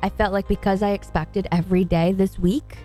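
A woman co-hosting a morning radio show, relaxed and laid-back. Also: mid-range voice, a little fast, faint music behind. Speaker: radio co-host.

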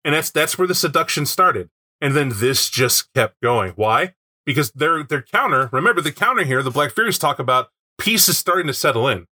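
A man in casual conversation, his voice bright and forceful, a little higher than most men's. He talks in an animated way, often slipping into playful put-on voices to act out what characters say. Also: moderate pace. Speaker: podcast co-host discussing a tabletop game book. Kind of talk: casual chat.

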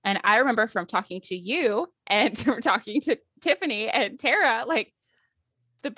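A woman's voice: a little high, expressive, normal speed, pushed and bright, slightly rough, dry recording, clean studio sound. A woman in her thirties, a podcast guest telling a personal story in casual conversation, acting out quotes and laughing often.

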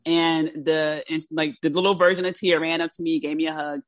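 A woman's voice: low-pitched, flat delivery, a little fast, no room sound. A woman from South Philadelphia with a South Philly accent, hosting a casual interview, chatty and laughing often, her speech slightly impeded by teeth brackets. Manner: giggly, chatty, lots of laughter. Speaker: podcast host.

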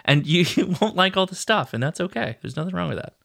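A man's voice: high-pitched, animated, fast, vocal fry, fairly bright tone. A man co-hosting a podcast, chatting casually in a rambling, joking, self-deprecating way. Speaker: podcast co-host. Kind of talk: casual chat.

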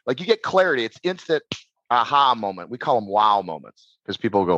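A man talks about inner work as a podcast guest, looping back over his words and restarting his sentences. He has a middle-pitched voice. The recording is dry and a little dull. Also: fast, no room sound. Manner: rambling, repeats words and restarts, animated. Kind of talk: casual podcast conversation.

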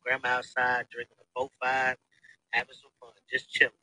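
A man in his thirties hosting a casual podcast, telling profane, animated stories. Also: medium pitch, fairly quick, no room sound, poor audio. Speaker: podcast host. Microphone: phone.

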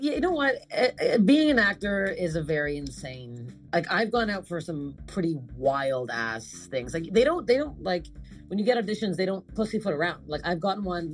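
Animated, laughing woman comic telling stories. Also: fairly low pitch. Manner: animated storyteller, swears, laughs often. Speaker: comedic actress, guest. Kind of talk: casual chat.

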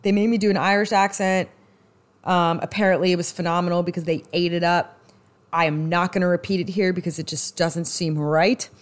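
A woman's voice: lowish voice, fairly even intonation, fairly quick. A woman with a New York accent, from the US East Coast, hosting a podcast in rambling, chatty solo talk with many restarts. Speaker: podcast host. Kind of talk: casual solo podcast chat.

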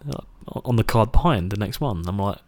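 A man's voice: on the low side, fairly quick. British man in his twenties, storytelling. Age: 20s. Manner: animated anecdote telling, swears casually. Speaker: podcast co-host. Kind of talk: casual chat, storytelling.

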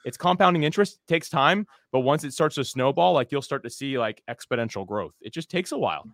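A man's voice: mid-range voice, animated, brisk, dry recording, studio quality. A man giving podcasting advice in a casual chat, upbeat and a bit teasing.

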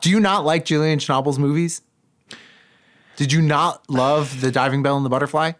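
A man's voice: fairly high pitch, moderate pace. A man co-hosting a casual film chat who laughs often and knows a lot about movies. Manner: laughs often, knowledgeable, animated. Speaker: podcast co-host.

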